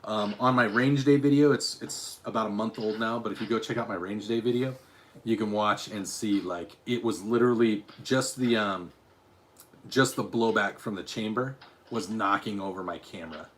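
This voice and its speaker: A man's voice: on the low side, normal speed. A man from Utah chatting on a live stream, reading his chat aloud and rambling through restarts and asides. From Utah, USA.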